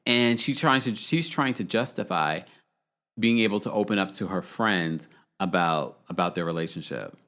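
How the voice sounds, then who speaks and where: Low-voiced and moderately paced, this podcast host runs a live-stream recap of reality TV. He chats casually and animatedly, reading viewer super chats aloud.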